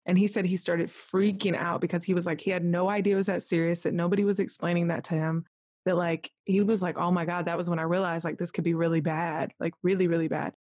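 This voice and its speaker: A woman with a slightly low voice recounts a frightening personal story as a podcast guest. Her telling is animated and rambling, leaning on "like" and acting out other people's lines, and the sound is close and dry. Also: quick pace, no room sound. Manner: animated, full of "like", acts out quoted voices. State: tearful at moments.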